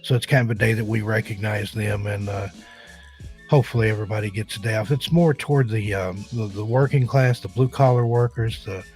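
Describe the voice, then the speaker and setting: A man's voice: on the low side, a little fast, faint music behind. Laid-back man hosting a live show. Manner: relaxed, greets viewers one by one. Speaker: host. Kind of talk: casual live-stream chat.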